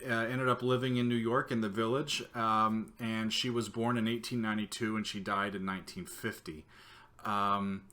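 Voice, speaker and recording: A man with a lowish voice that comes across bright and forceful. He speaks as a composer hosting his own show, earnest and halting, stopping often on filler sounds. It is casual talk aimed straight at the camera.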